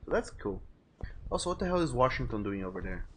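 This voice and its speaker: A man's voice: medium pitch, very animated, quick pace, slight background noise. A man streaming a video game live, giving casual, joking commentary. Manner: joking, chatty. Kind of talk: casual let's-play commentary.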